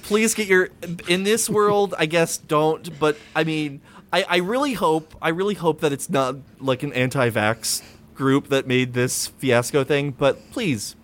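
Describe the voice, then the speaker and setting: A man's voice: on the high side, fairly even intonation, measured pace, fairly bright tone. A man chatting casually as a player in a tabletop role-playing game, giggling and hesitating often.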